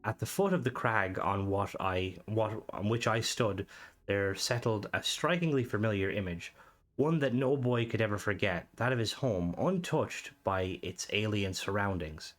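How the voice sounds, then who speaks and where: A man's voice: fairly low pitch, close to an everyday voice. A man doing a put-on accent to read aloud a story told by a grown man recalling a dreamlike boyhood. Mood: wistful. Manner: put-on storytelling accent, slow dramatic reading. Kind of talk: dramatic reading of a story.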